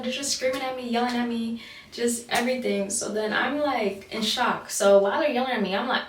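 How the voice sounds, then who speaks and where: A woman's voice: on the high side, a little fast, slight background noise. A young woman telling a casual storytime, chatty and full of "like", talking through her teeth with an overbite. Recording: roomy, distant mic.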